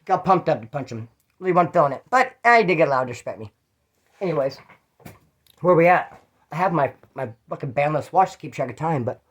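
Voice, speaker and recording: A man's voice: on the high side, very animated, a little fast. A man telling stories in a casual, blunt and profane way, acting out other people's lines. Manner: profane, blunt, acts out quotes. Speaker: former prisoner telling stories. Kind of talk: casual storytelling to camera.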